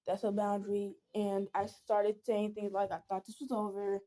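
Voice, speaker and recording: A woman's voice: mid-range voice, monotone, moderate pace, warm tone. A young woman venting in a casual storytime vlog, rambling with many fillers and restarts. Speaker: vlogger.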